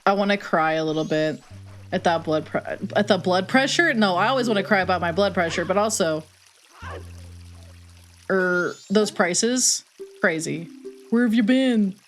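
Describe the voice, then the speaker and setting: A woman's voice: on the low side, normal speed, long pauses, faint music behind. A woman from Texas streaming a game, chatting casually and swearing freely as she reacts. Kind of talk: casual gaming livestream chat.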